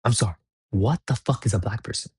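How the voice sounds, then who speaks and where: A man's voice: fairly low pitch, a little fast, darkish tone, husky, dry recording. A young man vlogging in a blunt, profane, rambling rant. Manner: blunt, swearing, rambling with restarts. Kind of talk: profane ranting monologue.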